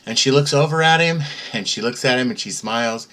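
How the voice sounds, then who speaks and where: A man telling an earnest first-person story, hesitant, with pauses and filler sounds. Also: mid-range voice, fairly bright tone. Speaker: testimony speaker.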